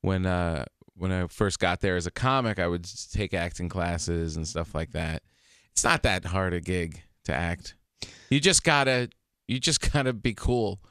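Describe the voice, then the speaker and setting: A man guest on a radio show, chatting casually and telling animated stories, laughing often, in a studio. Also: deep voice, a little slow, clean tone, no room sound. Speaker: comedian guest. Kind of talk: casual interview chat.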